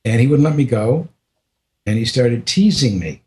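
An older man from the United States recounts a personal memory as a podcast guest. His pitch sits in the ordinary middle range for a man, and his telling is reflective and unhurried. He often stops and restarts his sentences and adds small laughs as he talks. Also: expressive, mellow. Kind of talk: personal storytelling in conversation.

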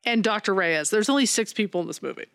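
A woman's voice: mid-range voice, animated, fast, gravelly, fairly bright tone, no echo, studio quality. A woman co-hosting a casual film review chat, rambling and profane as she picks apart the plot. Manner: rambling, profane, mocks bad accents. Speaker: podcast co-host.

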